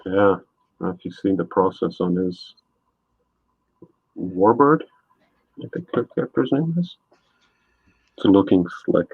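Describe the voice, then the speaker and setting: A husky, fairly low-voiced man rambling easily with lots of fillers as he paints and chats on a live stream. The sound is thin and phone-like, with no room echo at all. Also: animated, unhurried, pauses often. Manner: rambling, laid-back, frequent fillers. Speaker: streaming artist host. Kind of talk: casual chat while painting. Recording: tinny phone-like sound, dry.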